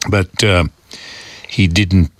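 A middle-aged Australian man filling in as a talkback radio host, reading listener messages in a measured way, thinking aloud with frequent pauses and restarts. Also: deep voice, fairly even intonation, a bit bright, no echo, clean studio sound. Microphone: studio microphone.

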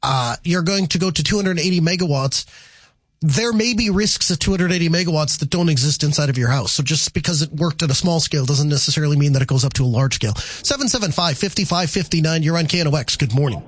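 A man's voice: a little high, expressive, fast, dry recording. A man hosting a call-in radio show, thinking aloud and restarting his sentences as he works through answers. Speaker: radio talk show host.

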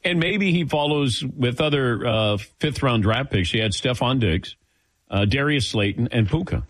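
A man's voice: mid-range voice, lively intonation, normal speed. A man hosting a sports talk show, chatting loosely with plenty of restarts and fillers. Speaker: sports radio host.

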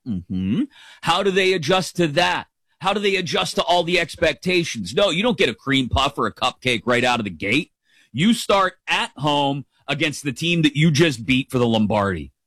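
Animated man talking football, dry sound. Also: on the high side, dry recording. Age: adult, father of a teenager. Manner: animated, jokey, opinionated. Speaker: sports podcast host. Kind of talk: casual football commentary.

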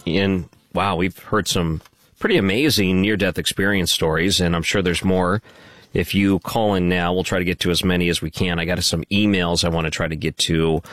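A man's voice: low-pitched, a bit bright, no room sound, studio quality. A man guest-hosting a late-night talk radio show in an easygoing, chatty way.

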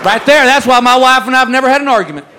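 A married man doing a stand-up comedy routine, with a dry, deadpan delivery as he tells his stories. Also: very high voice, racing, a faint crowd. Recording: live club audience noise. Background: audience laughter.

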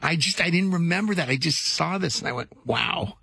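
A man's voice: fairly high pitch, fast, creaky, bright, forceful tone, breathy edge, no room sound. A man bantering on a late-night radio show, playful and teasing. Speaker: radio show producer, co-host. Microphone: studio microphone.

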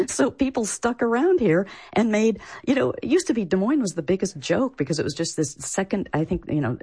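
A woman's voice: lowish voice, a little mellow, breathy edge. A woman from Iowa, a food writer, answering interview questions in a chatty way with many fillers. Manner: chatty, lots of "you know" fillers.

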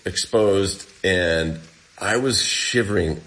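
A man's voice: deep voice, slow. A man being interviewed, recounting a survival ordeal in casual storytelling, acting out what people said. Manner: animated, acts out quoted dialogue. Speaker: guest telling a survival story.

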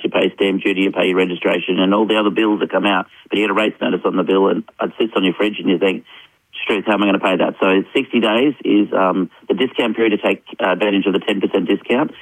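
Fast-talking Australian mayor. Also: male voice, low-pitched, no room sound, rough recording. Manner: brisk, upbeat, persuasive. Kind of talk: radio interview.

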